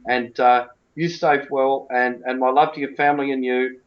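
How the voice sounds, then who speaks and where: In a slightly dull recording, a man with a mid-pitched voice, a cricket coach, answers interview questions at normal speed. His delivery is flat yet blunt, emphatic and colloquial.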